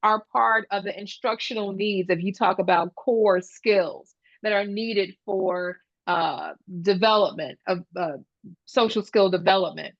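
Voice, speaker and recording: A woman gives a talk at a professional event and tells classroom stories, acting out the children's voices with animation. Her voice sits at a middle pitch. The recording sounds dull and dry, with no room echo. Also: a little slow. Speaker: guest speaker, speech-language pathologist. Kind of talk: conference talk.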